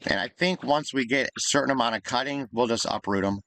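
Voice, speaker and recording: A man's voice: mid-range voice, a little fast, fairly bright tone, no room sound. A man casually commenting on his life-sim gameplay, thinking aloud in an easygoing, chatty way. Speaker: gaming YouTuber.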